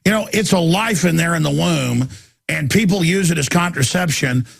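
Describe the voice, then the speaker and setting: A man's voice: fairly high pitch, normal speed, vocal fry, slightly rough, no echo, studio quality. A man hosting a call-in radio talk show, ranting and sarcastic as he takes callers. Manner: ranting, sarcastic, mocking put-on voices.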